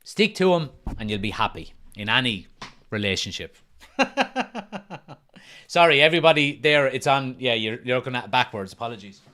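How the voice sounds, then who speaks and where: A man's voice: medium pitch, big pitch swings, moderate pace, long pauses, bright, forceful tone. Casting: man in his 30s, laid-back football stream host, chatty, reads comments aloud, laughs easily. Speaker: football watch-along host. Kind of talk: casual live-stream chat. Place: front room at home.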